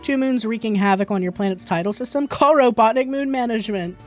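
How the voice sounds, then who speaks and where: A woman's voice: fairly high pitch, quick pace, a little mellow, faint music behind. A woman streaming a game, reading dialogue aloud and cracking sarcastic, swearing jokes. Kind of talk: casual gameplay commentary.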